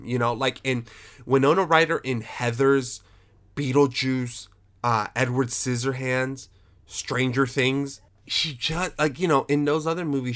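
A man hosting a casual chat about a film, animated and emphatic, swearing freely. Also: mid-range voice.

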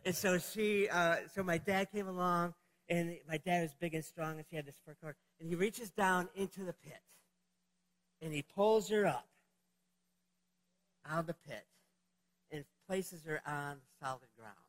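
A man's voice: fairly high pitch, measured pace, long pauses, a bit bright, big-room sound, poor audio. A middle-aged man preaching a sermon, opening with a childhood story, in a conversational, rambling way with many fillers. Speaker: pastor.

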